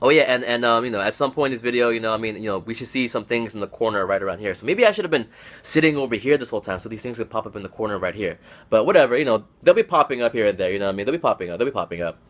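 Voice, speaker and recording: Indoors and talking to camera, a young man recaps his fantasy football league in a casual, profane, excitable way. He teases his friends and repeats phrases for emphasis. His pitch is medium and his delivery rapid-fire.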